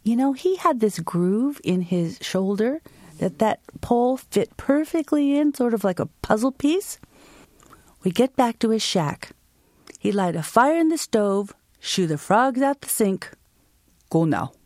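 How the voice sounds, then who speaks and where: An American woman with a voice on the high side acts out quotes while telling a vivid personal story and answering interview questions. She speaks slowly and expressively, in clean studio audio with no room sound.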